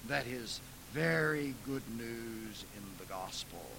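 A man preaching in a lecture style, emphatic, swinging from soft asides to loud dramatic outbursts. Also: medium pitch, animated, slow, gravelly, noisy background.

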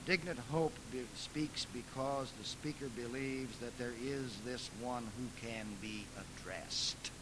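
A man preaching in a lecture style, emphatic, swinging from soft asides to loud dramatic outbursts. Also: medium pitch, measured pace, few pauses, background noise.

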